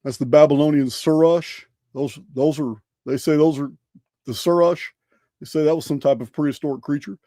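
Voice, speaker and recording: A man's voice: fairly high pitch, normal speed, mellow, no room sound, studio quality. A man hosting a show, talking casually over slides, emphatic and full of rhetorical questions, often restarting his phrases. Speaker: host presenting slides.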